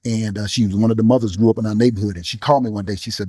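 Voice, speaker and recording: This is emotional interview talk from a guest musician and bishop mourning his loss; he is earnest and preacherly, pausing and repeating as he searches for words. His voice is warm, mellow and husky, fairly low with fairly even intonation. Sound is dry and close, with no room sound.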